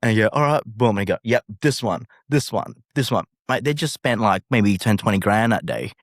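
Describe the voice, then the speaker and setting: A man, a boutique owner guest telling animated stories in a casual interview, acting out what people said. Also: fairly low pitch, brisk, dry recording, studio quality. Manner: animated storyteller, acts out quotes in a raised voice. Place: podcast studio.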